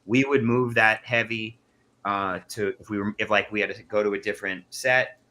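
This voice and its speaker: A man's voice: on the low side, fairly even intonation, moderate pace, pushed and bright. A man speaking as a guest in a casual interview, easygoing with fillers. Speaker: guest actor.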